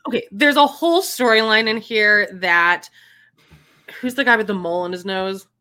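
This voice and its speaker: A chatty woman co-hosting a casual podcast, her voice bright and forward. She rambles through her thoughts, restarts her sentences and laughs easily. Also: medium pitch, moderate pace. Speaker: podcast co-host. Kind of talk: casual chat.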